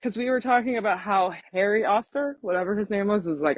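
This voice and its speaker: A woman's voice: medium pitch, brisk, no echo. A woman co-hosting a podcast about a novel, chatty and laughing, often correcting herself. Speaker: podcast co-host. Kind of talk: casual book-club chat. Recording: dry, dull lo-fi podcast audio.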